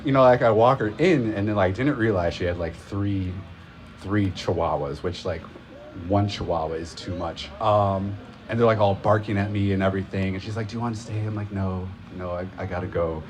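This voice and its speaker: A man's voice: on the low side, steady tone, moderate pace, a little hiss or hum. A man casually telling a rambling personal story at a live event, full of filler words and profanity.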